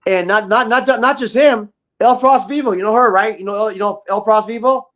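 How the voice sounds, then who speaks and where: A man's voice: high voice, a little fast, fairly bright tone. A man guest on a livestream, ranting profanely and combatively with lots of repeated words. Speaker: guest rapper. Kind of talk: livestream rant. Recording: dull lo-fi audio.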